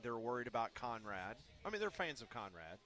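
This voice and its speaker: A man's voice: mid-range voice, big pitch swings, fairly quick, fairly bright tone. A man co-hosting a sports radio show, telling stories in a chatty, teasing way. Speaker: radio co-host. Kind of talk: casual studio banter.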